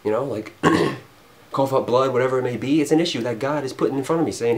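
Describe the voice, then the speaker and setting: Rambling profane man ranting. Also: fairly quick. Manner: rambling, profane, swings between loud emphasis and low mutters. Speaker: vlogger. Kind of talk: unscripted spiritual rant.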